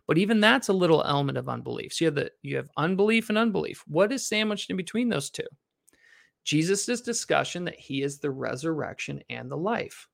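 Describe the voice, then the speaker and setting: A man's voice: a little high, creaky. A man reading a Bible passage aloud and then teaching on it, asking his class questions as he explains. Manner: reads scripture slowly, then explains in a lively, questioning way.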